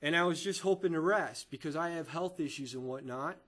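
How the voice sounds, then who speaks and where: A man giving emotional testimony in a courtroom, halting and stammering, often repeating his words as he recounts events. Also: fairly high pitch, fairly bright tone.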